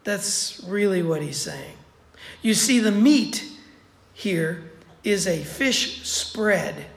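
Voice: mid-range voice, expressive, very slow, vocal fry. A preacher giving a sermon in a conversational way, repeating points for emphasis. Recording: roomy echo.

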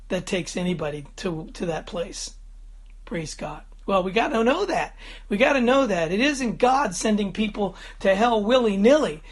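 Folksy older pastor preaching. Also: male voice, sits high, husky. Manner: chatty, chuckles, frequent "Amen?" and "Okay?" check-ins. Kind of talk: folksy sermon. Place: standing before a congregation.

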